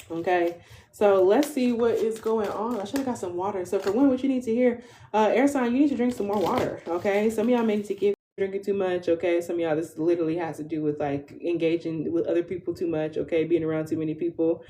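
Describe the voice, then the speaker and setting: A woman's voice: fairly low pitch, quick pace, warm tone, slight background noise. A woman in her twenties giving a casual live tarot reading, chatty and slangy, tagging nearly every phrase with "okay?". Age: 20s. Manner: slangy, informal delivery. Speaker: tarot reader.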